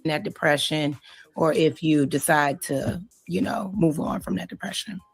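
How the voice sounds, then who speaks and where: A woman's voice: low voice, a little slow, gravelly, slightly rough, dry recording, soft background music. A woman on a podcast panel giving a thoughtful opinion, with frequent ums. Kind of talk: casual debate.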